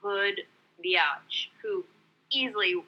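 A woman's voice: medium pitch, lively intonation, slow, dull audio. A woman from New York in casual chat, blunt, profane and exasperated.

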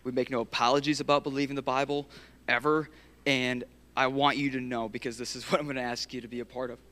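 A man in his thirties preaching an impassioned sermon, swinging from loud urgency to hushed, near-whispered passages. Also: medium pitch, flat delivery, fast talker. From Michigan. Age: 30s. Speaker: pastor.

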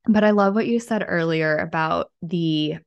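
A woman's voice: lowish voice, moderate pace, gravelly, clean tone, dry recording, dull audio. A woman hosting a podcast interview, musing thoughtfully in a casual way with frequent fillers. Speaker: podcast host.

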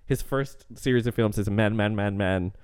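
A film podcast co-host chats casually and rambles off on tangents, laughing often and acting out movie lines in quoted voices. His fairly low voice is a little mellow and smooth at a normal pace, in clean studio sound with no echo.

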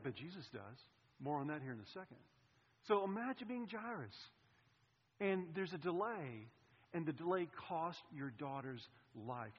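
A male pastor delivers a sermon in a church, telling a personal story with lively swings from loud outbursts to quiet asides. His voice sits a bit high with a husky edge. The sound rings with long hall reverb and comes across dull. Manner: animated, swings between loud and hushed. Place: church sanctuary.

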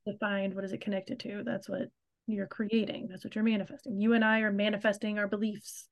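A woman's voice: mid-range voice, flat delivery, brisk. A woman co-hosting a podcast in casual chat, mostly agreeing with short replies before explaining her points. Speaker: podcast co-host.

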